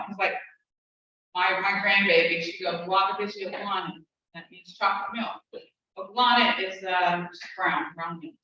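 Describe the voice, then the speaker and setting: A middle-aged woman teaching a casual language class, chatting, laughing often and slowly repeating words to drill pronunciation. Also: a little high, sharp tone. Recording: roomy, distant, dull, faint hiss.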